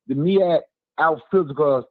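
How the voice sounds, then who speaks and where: Guy calling in all fired up, pretty high voice, thin phone-line sound. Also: moderate pace. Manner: emphatic, repetitive, rallying fan talk. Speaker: caller. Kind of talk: animated call-in argument. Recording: tinny dry phone line.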